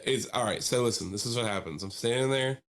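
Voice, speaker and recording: A man co-hosting a podcast, telling a long story in casual chat with lively animation, often laughing and mimicking the people he quotes. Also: mid-range voice, fast talker. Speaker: podcast co-host.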